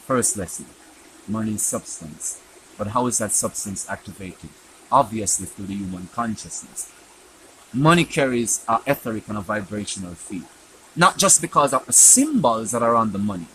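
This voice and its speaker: Animated man teaching on spirit. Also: a little hiss or hum, low-quality recording. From Jamaica. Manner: animated, acts out dialogue with sharp jumps in pitch. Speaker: spiritual teacher and program host.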